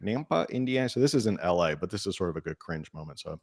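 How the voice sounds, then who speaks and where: Male co-host, low voice, dry and wry, casual podcast talk. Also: animated, fast. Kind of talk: casual political chat.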